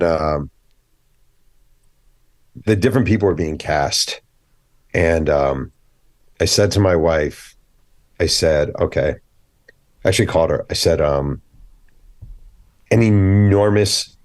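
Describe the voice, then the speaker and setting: Low-voiced man telling lively stories. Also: dry recording. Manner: animated storyteller acting out quoted dialogue; blunt, opinionated. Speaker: author guest. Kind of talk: casual podcast interview.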